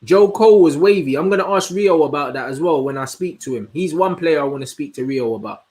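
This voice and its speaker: A young man, hosting a casual livestream and chatting in an animated, slangy way as he answers comments. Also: a little high. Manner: slangy, animated, answers chat with quick asides. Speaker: host.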